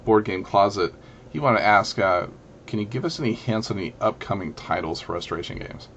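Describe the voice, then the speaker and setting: A man's voice: lowish voice, a little fast, a bit bright, highs cut off, slight background noise. A man hosting an interview who reads out viewer questions in a casual, laid-back way. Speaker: interview host.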